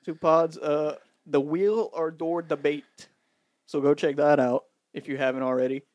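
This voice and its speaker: A man's voice: a little high, flat delivery, a little slow, a little mellow, no echo, dull audio. A young man from Louisiana co-hosting a podcast in loose, joking casual chat. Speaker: podcast co-host.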